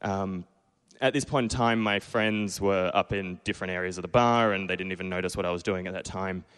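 A man's voice: low voice, a little fast, fairly bright tone, clear, resonant tone, long reverb tail. A young man in his twenties from Perth with an Australian accent, telling a self-deprecating true story live on stage and acting out his own past lines. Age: 20s. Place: small pub stage.

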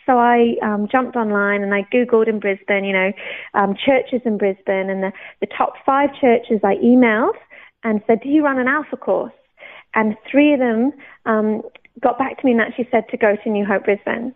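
A woman's voice: fairly high pitch, moderate pace. Woman telling her story over a narrow radio line. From United Kingdom. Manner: animated storytelling, acting out her own past thoughts. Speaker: interview guest. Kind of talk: personal faith testimony. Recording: narrow phone-like radio sound.

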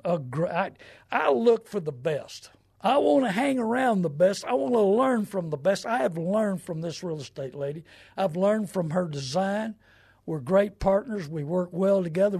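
A middle-aged man hosting a show, talking in a folksy, rambling way and leaning hard on his points. His voice sits high for a man and has a gravelly edge. It also sounds husky. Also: darkish tone. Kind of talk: casual advice talk.

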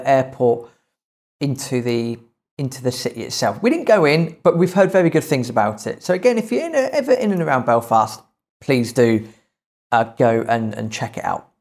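A man's voice: a little high, darkish tone. A man hosting a podcast who tells travel anecdotes in casual chat. He rambles, restarts sentences and says "you know" often. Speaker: podcast host.

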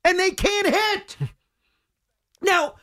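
A man's voice: extremely high pitch, extremely slow, no echo, clean studio sound. A man co-hosting sports talk radio, talking in an exasperated, emphatic way and repeating his points. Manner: animated, exasperated, emphatic repetition.

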